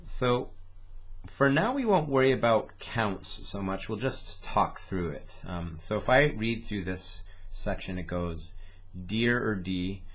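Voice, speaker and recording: A man's voice: lowish voice, animated, slow, a bit bright. A man teaching a didgeridoo lesson, patiently explaining a rhythm step by step and speaking its syllables aloud. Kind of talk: instructional lesson, talking through rhythms.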